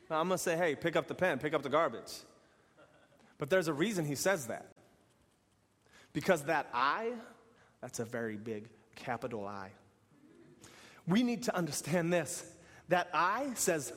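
A man's voice: a little high, lively intonation, normal speed, pauses often, a bit bright, big-room sound. A man preaching an earnest sermon in repeated, building phrases. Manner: earnest, repetitive, building to exhortation.

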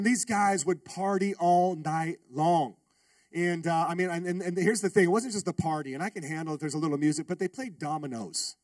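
Male pastor, storytelling sermon, lively and funny, high voice, dry off-mic sound. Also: dry recording, distant mic. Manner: animated, humorous, calls out to the congregation.

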